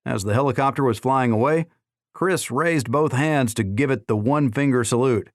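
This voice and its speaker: Low-voiced male audiobook narrator. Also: dry recording, studio quality. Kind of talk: first-person audiobook narration.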